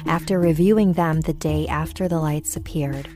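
Low-voiced woman narrator over music. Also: steady tone, moderate pace. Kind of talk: scripted narration.

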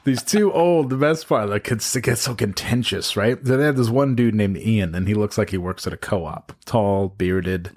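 Man, fairly low voice, podcast co-host, crude, excitable, casual comedic chat. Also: moderate pace, hardly any pauses.

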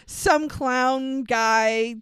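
A woman's voice: sits high, extremely slow, a bit bright, clear, resonant tone, dry recording. A woman co-hosting a movie review podcast, casual and sarcastic, swearing and laughing often. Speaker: podcast co-host.

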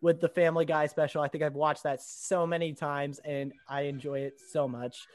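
Young man, high voice, excitable, casual podcast chat, loud quoting, laughs. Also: normal speed. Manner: excitable, laughs and quotes scenes loudly. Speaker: podcast co-host.

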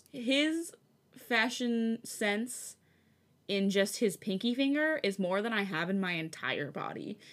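A woman's voice: mid-range voice, lively intonation, takes it slowly, pauses often, fairly bright tone. A woman podcast host reading fan fiction aloud, breaking off for chatty, giggly asides. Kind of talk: casual story reading.

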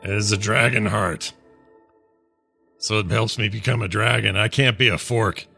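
Gravelly guy with a bright edge, joking around at a tabletop game, soft music behind. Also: on the low side, fairly even intonation, moderate pace. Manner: reactive, joking. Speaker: player. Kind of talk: casual tabletop play.

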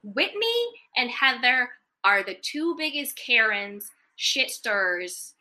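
A young woman with a very bright, ringing voice, talking with sass and emphasis. She sits a little high in pitch and keeps the chat casual and lively. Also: slow pace. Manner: animated, sassy, emphatic. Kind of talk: casual reality-TV gossip chat.

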